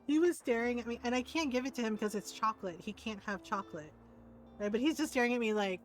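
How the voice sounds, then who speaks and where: A woman's voice: on the high side, expressive, fast talker, faint music behind. A woman streamer chatting casually while gaming, laughing often and swearing lightly.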